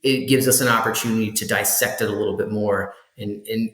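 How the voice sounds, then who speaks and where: A man's voice: lowish voice, steady tone, fairly quick, fairly bright tone, reverberant. A man, a physician guest on a podcast, talking casually and thoughtfully, often restarting and repeating words. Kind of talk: casual conversation.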